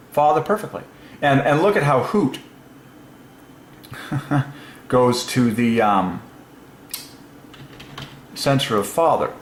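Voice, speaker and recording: A man hosting his own channel, talking alone in a casual, excited way, musing aloud and laughing to himself, recorded on a lapel mic. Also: medium pitch, roomy sound, low-quality recording. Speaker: religious channel host. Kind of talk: solo casual commentary.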